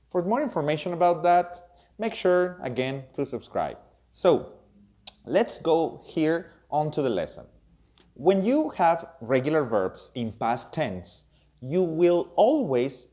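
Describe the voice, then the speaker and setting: Slow, lively-voiced male English teacher. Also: medium pitch. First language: Spanish. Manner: slow, explanatory, repeats example words with emphasis. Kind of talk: spoken lesson to camera.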